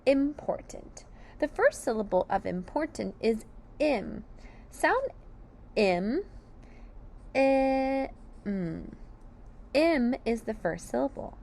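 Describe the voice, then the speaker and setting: A woman teacher slowly sounding out sight words, syllable by syllable, for young children. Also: on the high side, big pitch swings, a little mellow. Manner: clear, deliberate sounding out of each letter. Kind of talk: slow phonics lesson.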